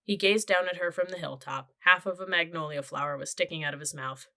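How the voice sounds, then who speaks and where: A woman narrating a children's audiobook with steady, clear storytelling. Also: lowish voice, fairly quick.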